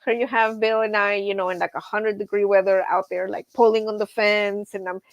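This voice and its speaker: A woman's voice: mid-range voice, fairly quick, no room sound. A woman hosting a casual livestream, telling stories with laughter and reading viewer comments aloud. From grew up on a ranch. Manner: animated storytelling with laughs. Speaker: livestream host.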